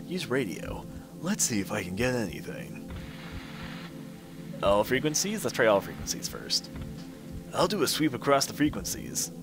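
A man giving commentary while playing a horror game, reading the on-screen text aloud and musing to himself. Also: on the low side. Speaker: let's play commentator. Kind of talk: gameplay commentary. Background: game music.

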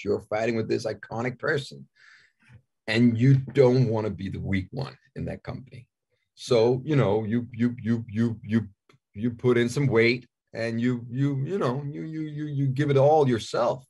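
In a casual interview, a Danish man in his forties speaks candidly with a Danish accent, cracking jokes and often repeating himself. His voice is medium in pitch at a normal speed, with vocal fry, a slightly mellow quality, and a breathy edge.

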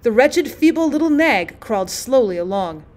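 Lady reading a story aloud, lively pitch, kinda high voice. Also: moderate pace. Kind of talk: audiobook narration.

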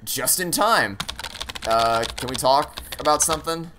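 A man's voice: fairly high pitch, expressive, a little slow, background noise. A man playing through a story game, thinking aloud with hesitant, stammering restarts and casual swearing. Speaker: let's play gamer.

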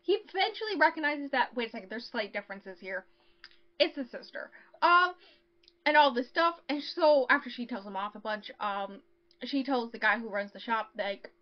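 A woman's voice: fairly high pitch, expressive, moderate pace, muffled recording. A woman co-hosting a podcast, casually recapping a novel's plot with lots of fillers and acted-out lines. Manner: chatty, lots of ums, acts out characters' lines. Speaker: podcast co-host.

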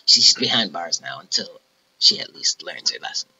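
A man's voice: low-pitched, very animated, normal speed, creaky, bright, forceful tone, breathy edge, whispered, muffled recording, voice pushed down, exaggerated voice. A man voicing Skelly, a sly skeleton spy who snoops for a fee, in a game playthrough.

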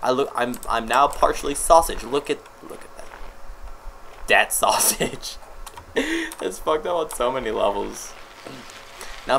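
A man giving excitable, joking gameplay commentary, swearing and yelling at the game. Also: lowish voice, creaky, background noise. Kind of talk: let's play commentary.

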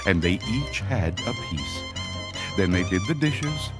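Guy narrating a spooky story slow and dramatic, voice swings a lot, music under it. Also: low-pitched, sing-song. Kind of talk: comic parody of a scary story. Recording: music playing behind.

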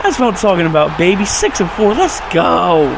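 A young man giving excited live commentary over his own football video game, yelling, pleading and cheering at the play as he goes. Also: sits high, normal speed, background noise. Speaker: gaming video creator. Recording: game sound and music clearly behind. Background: video game audio and music.

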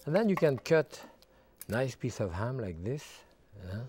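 A man working as a TV chef, walking through a cooking demonstration step by step and adding relaxed asides as he goes. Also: medium pitch, measured pace. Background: background music.

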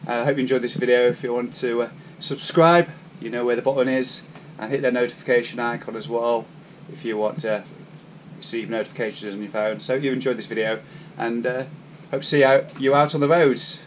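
A man's voice: mid-range voice, fairly even intonation, brisk. A man from the UK talking casually through his shopping haul in a cycling vlog, rambling with many hesitations. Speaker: cycling vlogger. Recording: distant mic, faint background noise.

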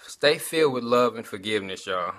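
A man's voice: on the low side, lively intonation, a little fast, a bit bright. A man giving a casual personal testimony, talking conversationally and often addressing his listeners as y'all.

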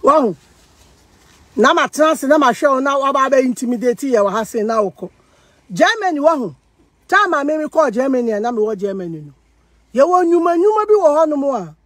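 A woman's voice: high voice, sing-song, a little fast, no echo. A woman with a Ghanaian accent delivering a heated monologue, mixing Twi and English, accusing and defending herself. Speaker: social media personality. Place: living in Germany.

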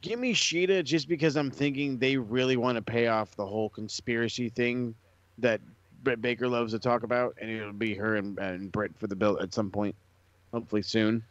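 Male panelist, mid pitch, laid-back, lo-fi dry mic. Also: steady tone, normal speed, dry recording. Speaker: podcast panelist. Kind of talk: casual wrestling podcast chat.

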